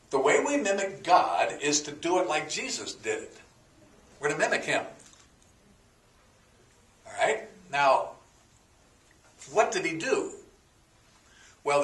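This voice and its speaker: A man's voice: medium pitch, fairly bright tone, distant mic. A man teaching a sermon, explaining words one by one in a folksy way with fillers and a joke. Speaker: pastor. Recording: echoey room, voice from off the mic.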